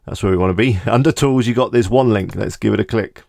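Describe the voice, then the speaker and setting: A man with a low, gravelly voice talks through a screen-recorded tutorial, easy and casual, thinking aloud as he clicks. The sound is close and dry, with no room around it. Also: fast talker, a little mellow, no echo. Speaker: tutorial host.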